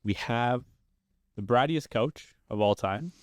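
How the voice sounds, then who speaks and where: A man's voice: medium pitch, slow, no echo, clean studio sound. A young man hosting a casual football podcast, upbeat and steering the talk with questions. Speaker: podcast host. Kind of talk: casual sports chat.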